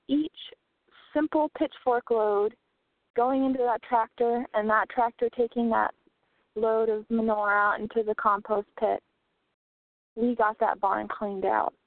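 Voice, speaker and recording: Woman, slightly high voice, steady storytelling, recovery meeting share, phone sound. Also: no room sound. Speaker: meeting member sharing. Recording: tinny phone line.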